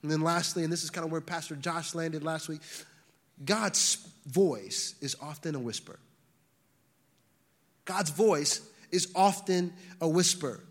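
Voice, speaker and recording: A pastor with a fairly high-pitched voice preaches a sermon conversationally to his congregation, speaking a little slowly. He often restarts words and leans on fillers. The long reverb of a large hall surrounds him.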